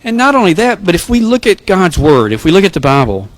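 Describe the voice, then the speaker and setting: A man's voice: high-pitched, big pitch swings, quick pace, no echo. A male pastor giving a sermon, telling jokes and self-deprecating personal stories. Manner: joking, self-deprecating storyteller.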